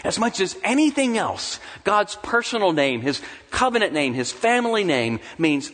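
A man's voice: high-pitched, big pitch swings, normal speed, few pauses, a bit bright. Preaching man in a reverberant hall. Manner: earnest preaching with dramatic voiced questions. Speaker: pastor. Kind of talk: sermon.

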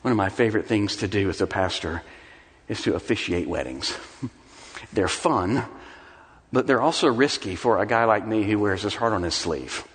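Pastor preaching in a reverberant church. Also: male voice, lowish voice, moderate pace. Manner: expressive preaching, rising and intense when stressing points. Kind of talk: sermon.

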